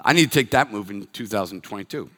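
A man in his sixties, a pastor from Massachusetts, preaching in a candid, self-deprecating, conversational way that swings between emphatic and quiet. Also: on the low side, lively intonation, fast. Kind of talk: conversational sermon. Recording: long reverb of a hall.

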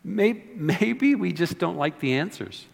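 A man's voice: sits high, lively intonation, a little slow, creaky. A pastor giving a conversational sermon, often repeating words and asking his listeners rhetorical questions. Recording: long reverb of a hall.

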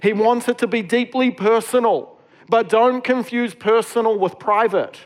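Man, pastor, sermon, high-pitched, conversational, filler-heavy. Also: moderate pace. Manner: casual, conversational preaching with many fillers.

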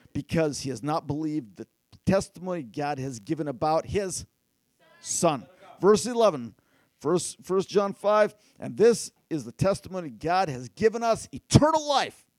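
Animated high-voiced male preacher. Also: no room sound. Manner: animated, addresses crowd directly, rising to near-shouts. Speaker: pastor. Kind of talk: sermon.

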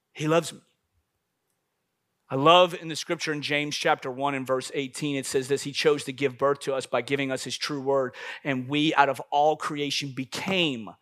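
A man preaching a sermon, swinging between loud bursts and hushed asides. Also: on the high side, dry recording, studio quality.

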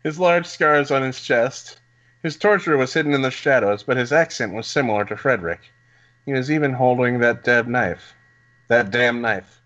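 A man's voice: mid-range voice, normal speed, a bit bright, muffled recording. A man co-hosting a comedy podcast, reading a story aloud and laughing often.

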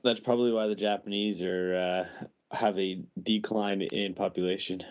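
A man co-hosting a casual podcast chat, explaining things in a relaxed, rambling way. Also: low-pitched, moderate pace, dull audio. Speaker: podcast co-host.

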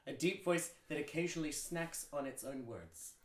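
A woman co-hosting a podcast in casual chat, loud and animated as she tells stories. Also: sits low, normal speed. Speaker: podcast co-host. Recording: roomy studio echo.

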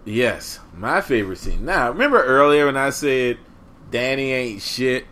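Co-host, man with a bright, lively voice; blunt, slangy, joking. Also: mid-range voice, a little slow. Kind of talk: casual chat.

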